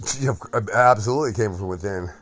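A man's voice: fairly low pitch, fairly quick, fairly bright tone. A man hosting a casual podcast chat at home, crude and joking, rambling from one thing to the next. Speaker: podcast host.

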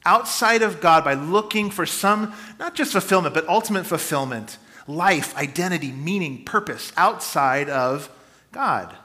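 A man delivers a sermon with dynamic, swinging emphasis, rising loud and dropping to quiet asides. His voice is bright and forward, sitting a little high for a man. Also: animated, a little slow. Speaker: pastor.

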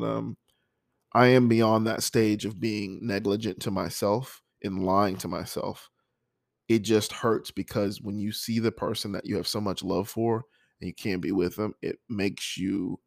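A middle-aged man speaking candidly and emotionally about a poem he wrote, halting with sighs and pauses. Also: fairly low pitch, creaky, no echo, clean studio sound. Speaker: poet. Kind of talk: personal reflective monologue.

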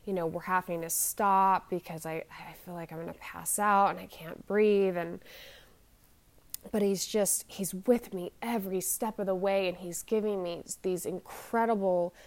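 A woman in her forties tells a personal story in a halting, shaken way, full of restarts and fillers, anxious as she talks. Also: lowish voice, fairly even intonation. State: shaken and anxious while telling it. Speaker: vlogger.

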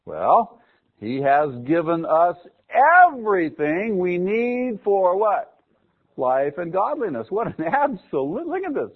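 High-voiced male pastor on a tinny line. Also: very animated, moderate pace, husky. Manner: asks the congregation questions and repeats key words for emphasis. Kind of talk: sermon. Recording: phone-like narrow sound.

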